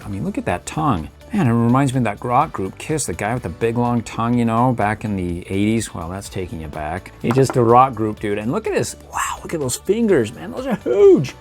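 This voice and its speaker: Expressive and a little fast, with hardly any pauses, a middle-aged man reviews toys in a relaxed, playful way. He chuckles and adds small sound effects while posing the figures, his medium-pitched voice backed by soft music.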